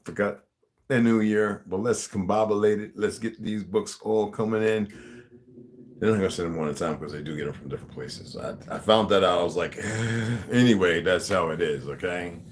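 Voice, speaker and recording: A man's voice: sits low, moderate pace, slight background noise. A man talking casually to his viewers, rambling with many restarts and asides.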